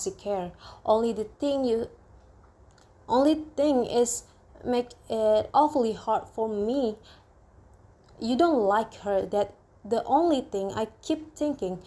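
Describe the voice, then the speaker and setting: A woman's voice: a little high, warm tone. A woman voicing a touchy young newlywed bride who keeps picking a quarrel, in an insistent, reproachful way.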